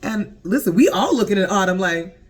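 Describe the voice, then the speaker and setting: Animated man, higher voice, recapping TV. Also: a little fast. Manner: animated, profane, laughs often. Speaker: TV show reviewer. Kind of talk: casual TV episode recap.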